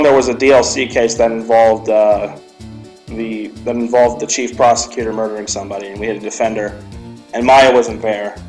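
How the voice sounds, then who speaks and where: A man's voice: on the low side, rough recording. A young man hosting a let's play, reading the dialogue aloud and joking, with stumbles. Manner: animated and jokey, reads lines aloud with stumbles.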